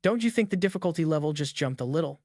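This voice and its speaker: A man's voice: fairly high pitch, animated, fast talker, darkish tone, dry recording. A man voicing a young outcast hero who asks anxious questions, read as a dry recap voice-over. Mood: nervous. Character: young male academy outcast, nervous hero.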